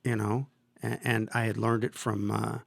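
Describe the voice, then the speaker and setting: A man's voice: fairly low pitch, level tone, moderate pace, vocal fry, no room sound, clean studio sound. A man in his fifties, a football coach hosting a podcast, telling long stories in a rambling way, with many fillers and restarts. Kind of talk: casual storytelling interview.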